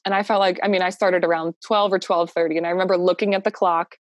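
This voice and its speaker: A woman's voice: fairly low pitch, level tone, fast talker, dry recording. A young woman telling her own birth story in a casual, heartfelt way, laughing often and using lots of fillers.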